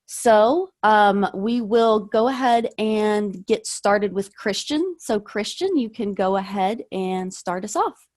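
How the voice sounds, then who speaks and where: A woman moderating an online roundtable, reading out speaker introductions in a measured way with occasional fillers. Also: mid-range voice, a little mellow.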